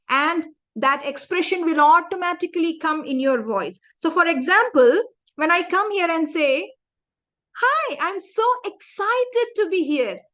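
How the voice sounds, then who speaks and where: A woman with a bright, high-pitched voice teaches public speaking to a group of young students. She talks in an animated, demonstrative way, stops often to check the class is following, and acts out good and bad delivery as she goes. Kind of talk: interactive lesson to young students.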